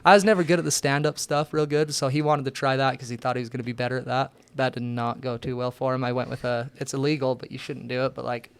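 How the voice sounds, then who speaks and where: Young man, interview guest, casual chat, rambling, swears a lot, mid-pitched voice. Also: fast, hardly any pauses, clear, resonant tone. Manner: profane, rambling, animated storyteller.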